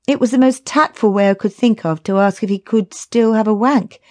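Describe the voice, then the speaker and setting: A woman's voice: mid-range voice, fairly quick, darkish tone. A woman reads a first-person romance with a wry, chatty storytelling manner. Her voice sits at an ordinary middle height and is captured dry and close, with no echo at all. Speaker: audiobook narrator. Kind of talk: first-person audiobook narration.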